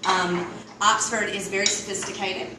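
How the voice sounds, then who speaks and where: A woman with a Mississippi Southern accent telling a comic story in a casual, animated drawl, with sudden loud exclamations when she quotes herself. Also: mid-range voice, normal speed. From Mississippi Delta. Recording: roomy, distant mic, clear background noise.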